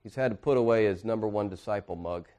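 Earnest preaching man, hushed to emphatic. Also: on the low side, fast. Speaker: pastor. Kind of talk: sermon. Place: church.

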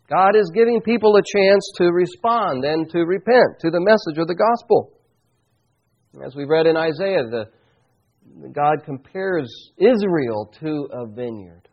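A pastor preaching a sermon in an earnest, reflective manner, slowing down to stress key phrases. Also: male voice, fairly high pitch, dull audio.

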